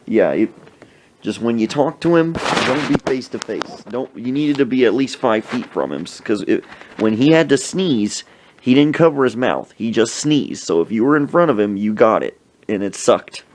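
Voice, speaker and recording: Animated man telling stories on a podcast. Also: medium pitch, moderate pace, slight background noise. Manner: animated anecdote telling with acted-out sneezes and voices. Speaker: podcast host. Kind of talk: casual storytelling.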